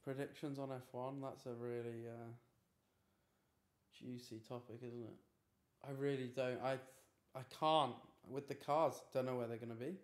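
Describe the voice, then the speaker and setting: Male streamer, relaxed chatty read of chat, mid pitch, unforced. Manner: chatty, easygoing, quick to brush off teasing. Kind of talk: casual live-stream chat.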